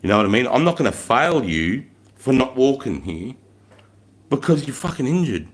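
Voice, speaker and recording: A man's voice: medium pitch, very animated, normal speed. An Australian man, a former army corporal, telling a story in a blunt, heavily profane, emphatic way. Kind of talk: casual storytelling.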